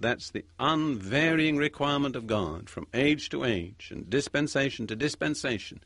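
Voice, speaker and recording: A man preaching a sermon, reading scripture in a measured, emphatic way. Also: medium pitch, expressive, vocal fry, a bit bright, dry recording.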